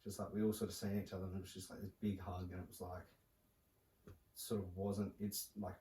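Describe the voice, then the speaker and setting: A young man, a podcast guest telling a personal story in a halting, soft-spoken way with many fillers. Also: deep voice, level tone. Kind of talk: casual podcast conversation. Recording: roomy, distant mic with faint noise.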